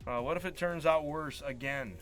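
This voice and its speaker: A card break host telling a story in a somewhat high voice. He vents in casual chat, acting out what other people said. Faint music plays underneath. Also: normal speed. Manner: venting, animated storytelling with quoted dialogue. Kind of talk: casual live-stream chat.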